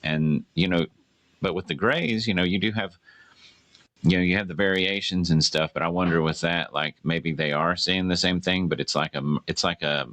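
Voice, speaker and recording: A man hosting a podcast, talking casually in halting sentences full of fillers. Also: deep voice, fairly bright tone, dry recording. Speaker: podcast host. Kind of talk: casual chat.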